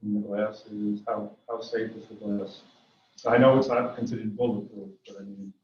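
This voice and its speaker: Low-voiced guy quizzing presenters at a town committee meeting, far from the mic, muffled hall sound. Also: flat delivery, normal speed. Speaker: committee member. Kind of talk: meeting questions. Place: meeting room. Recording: roomy, distant, dull public-access audio.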